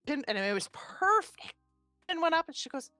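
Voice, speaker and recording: A woman in her forties, a podcast host, telling a personal story in an animated, chatty way. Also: sits high, normal speed, no echo, soft background music. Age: 40s. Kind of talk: casual storytelling chat.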